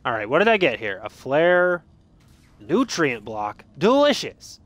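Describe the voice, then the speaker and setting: A man's voice: a little high, very animated, measured pace, fairly bright tone, no echo. A man giving jokey let's play commentary, reading game text aloud and swinging from mutters to sudden yelps. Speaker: gaming streamer.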